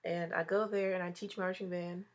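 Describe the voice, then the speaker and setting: A young woman in her twenties talks through a casual makeup tutorial at home in the early morning. Her voice sits a little low and sounds congested. She chats in an upbeat, talkative way. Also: little pitch movement, normal speed. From Hawaii. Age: 20s. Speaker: beauty vlogger.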